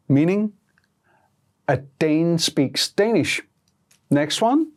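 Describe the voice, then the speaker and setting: Slow, measured woman language teacher. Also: deep voice, very animated. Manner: pronounces words slowly, repeating each one twice. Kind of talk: slow, clear language lesson.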